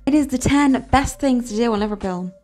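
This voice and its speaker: A woman's voice: fairly high pitch, a little fast, a little mellow, faint music behind. An Irish woman co-hosting a reaction video, chatting in an upbeat, jokey way. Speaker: co-host. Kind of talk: casual chat.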